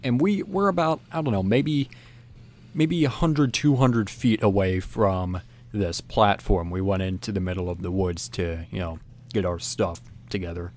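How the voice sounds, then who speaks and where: A man with a somewhat low voice tells a story in a loose, casual way. He stumbles over restarts and leans on filler phrases, and his delivery stays lively and animated throughout. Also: a little slow. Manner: rambling, frequent restarts and "you know"; animated, acts out whispered quotes.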